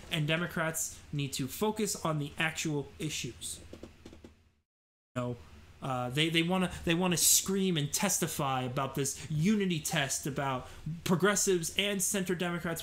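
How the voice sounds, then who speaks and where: Guy with a slightly high voice doing a live political rant show, lots of ums and restarts. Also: fairly bright tone, slight background noise. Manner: opinionated, rambling with fillers and restarts. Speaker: host.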